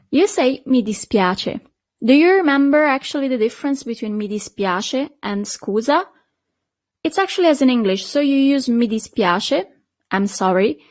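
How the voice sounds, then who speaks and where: A patient woman teacher with an Italian accent, her voice pitched a little high. She keeps checking on the learner as she goes. The sound is dry and close. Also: darkish tone, no room sound. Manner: patient, checks in with frequent "okay?" and "perfect". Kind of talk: online language lesson.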